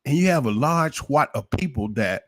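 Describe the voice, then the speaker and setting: A man's voice: medium pitch, animated, normal speed, a bit bright. A man giving an opinionated livestream monologue, preachy and emphatic, firing off rhetorical questions. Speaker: livestream commentator.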